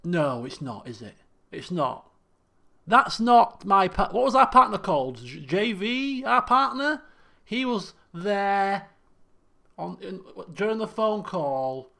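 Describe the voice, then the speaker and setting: A man commenting as he plays a game, animated, laughing and muttering to himself as he thinks. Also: high-pitched, slow, gravelly. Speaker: let's play host. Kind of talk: gameplay commentary.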